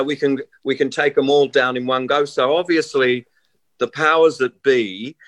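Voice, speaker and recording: A middle-aged man, a musician, telling stories in a rambling, animated way in a casual interview. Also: medium pitch, dry recording. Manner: rambling, animated storyteller with many restarts and quoted voices. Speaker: musician guest.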